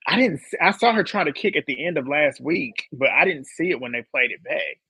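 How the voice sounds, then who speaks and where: A man's voice: on the high side, lively intonation, fairly quick, creaky, sharp tone, slightly rough, no room sound, low-quality recording. A man hosting a casual live reality show recap, blunt and laughing often. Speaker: host.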